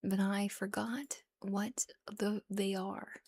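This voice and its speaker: A woman streamer softly whispering and rambling with giggles in a relaxed ASMR chat, close to the microphone. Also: medium pitch, takes it slowly, creaky, a little hiss or hum.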